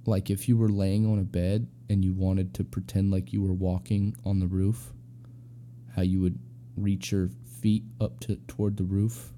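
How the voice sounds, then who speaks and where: A man's voice: sits low, flat delivery, normal speed, dark tone, slight background noise. A young adult man casually telling a personal anecdote, rambling and slangy with lots of fillers. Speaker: storyteller.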